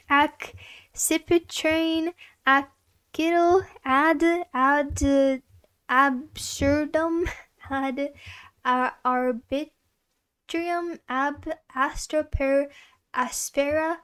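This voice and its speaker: High-pitched woman reading dictionary words. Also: no echo. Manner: giggly, stumbles over hard words. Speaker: vtuber. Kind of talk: reading dictionary entries aloud.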